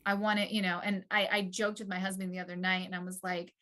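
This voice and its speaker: Bright-voiced young mother, open and hesitant. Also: medium pitch, flat delivery, fast talker. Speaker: client mother. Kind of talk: therapy session talk.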